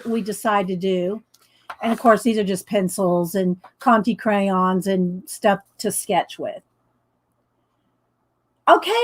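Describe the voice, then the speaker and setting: Woman, art stream host, unhurried, higher voice, laughs often. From American South. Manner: chatty, laughs often, greets viewers by name. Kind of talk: casual live-stream chat. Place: home studio with windows open.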